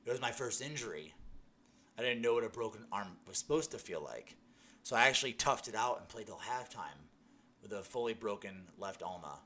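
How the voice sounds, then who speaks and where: A man's voice: on the low side, lively intonation, a little fast, sharp tone, slight background noise. A young man giving a personal faith testimony, telling his story earnestly with many restarts and "you know"s. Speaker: testimony speaker.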